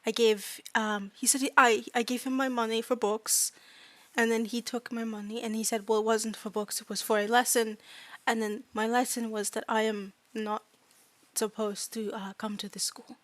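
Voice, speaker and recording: A woman voicing a small, timid fairy student who speaks in broken, halting grammar and often drops to a whisper. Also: on the high side, little pitch movement, no echo, close to an everyday voice. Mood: earnest. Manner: broken grammar, dropped articles, hesitant. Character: tiny timid fairy student, earnest, new to language. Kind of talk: tabletop role-play.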